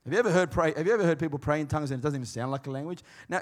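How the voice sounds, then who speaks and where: Man, preacher, sermon, slightly high voice, conversational and emphatic. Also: racing, hardly any pauses. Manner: conversational, emphatic, varied dynamics.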